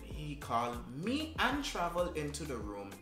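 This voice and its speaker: A man's voice: on the high side, a little slow. A young man telling a funny personal story in a vlog, acting out every quote as he goes. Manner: lively storyteller who acts out every quote. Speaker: vlogger. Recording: roomy sound with music behind.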